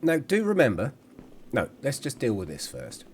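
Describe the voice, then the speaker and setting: A man's voice: medium pitch, wildly swooping pitch, moderate pace, slightly rough. A man giving chatty, casual commentary over his own gameplay, at times apologising and humming to himself.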